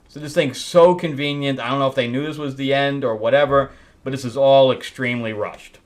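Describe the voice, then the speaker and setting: A man's voice: medium pitch, normal speed. A man hosting a casual comic book review, rambling and exasperated, with laughing asides. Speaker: host.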